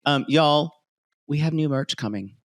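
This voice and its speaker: A man co-hosting a comedy podcast in playful, casual chat, often giggling and jumping into silly high voices. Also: measured pace. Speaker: podcast co-host.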